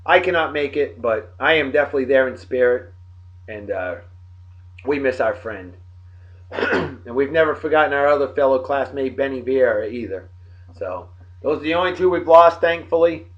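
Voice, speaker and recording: A man, rambling and folksy as he gives birthday shout-outs to old friends. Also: mid-range voice, lively intonation, normal speed. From Martha's Vineyard, Massachusetts. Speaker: vlogger, beer and song of the day host. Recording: dull lo-fi home recording.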